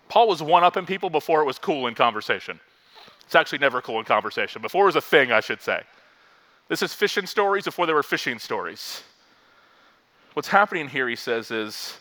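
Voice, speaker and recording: A pastor from Florida preaching a lively sermon and acting out the quotes he reads. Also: fairly high pitch, normal speed, pauses often.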